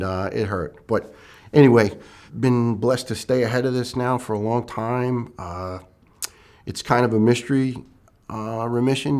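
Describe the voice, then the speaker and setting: A middle-aged man with a slightly low voice speaks in a personal testimony interview. He talks candidly and a little haltingly, repeating words as he restarts sentences. His delivery stays plain and conversational. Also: darkish tone. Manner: candid storytelling with repeated words and restarts, acting out what others said. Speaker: first responder recounting illness.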